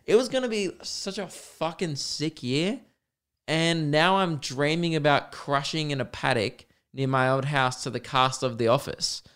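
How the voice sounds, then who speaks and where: Smooth-voiced Australian man rambling and laughing. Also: fairly high pitch, measured pace, fairly bright tone. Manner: rambling, laughs often, swears freely. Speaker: podcast host. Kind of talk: casual solo podcast monologue.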